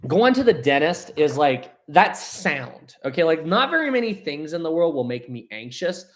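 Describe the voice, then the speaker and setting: A man's voice: on the high side, big pitch swings, moderate pace. A young man hosting a casual live stream, reading viewer comments aloud and rambling chattily with frequent laughs.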